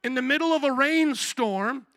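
High, bright-voiced preaching pastor. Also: male voice, moderate pace, dry recording. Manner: blunt, preachy, mimics people in asides. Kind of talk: sermon.

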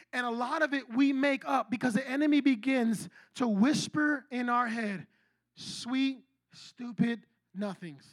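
A man preaching a sermon in a lively, conversational way, telling a personal story and often saying he is not kidding. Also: very high-pitched, dry recording. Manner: animated, conversational, repeats "I kid you not".

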